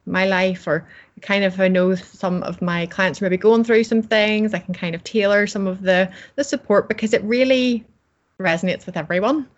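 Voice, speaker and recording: A woman's voice: medium pitch, dull audio. A woman with a Northern Irish accent, a podcast guest talking casually and cheerfully, laughing often. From Northern Ireland. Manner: chatty, laughs often, warm and upbeat.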